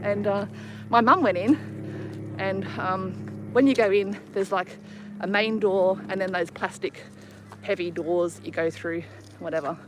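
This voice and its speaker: A woman's voice: mid-range voice, a little slow, long pauses, noisy background. A middle-aged woman hosting a casual live stream while walking her dog outdoors, a little out of breath, chatting and laughing at herself as she tells stories. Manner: chatty, laughing, self-mocking storyteller. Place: outdoors on a walk.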